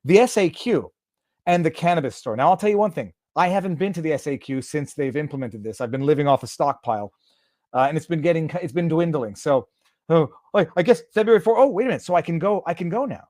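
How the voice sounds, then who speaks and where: A man hosts a casual live stream, reading text aloud and translating it on the fly. His voice sits slightly high and his delivery is sarcastic. The sound is close and dry. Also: expressive, fast, a little mellow, no room sound. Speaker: host.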